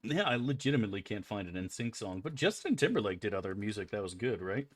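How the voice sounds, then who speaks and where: Man, gaming streamer, casual rambling, swearing, lowish voice, desk mic. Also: very animated, fast talker. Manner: rambling, joking, profane. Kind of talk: casual gameplay chat.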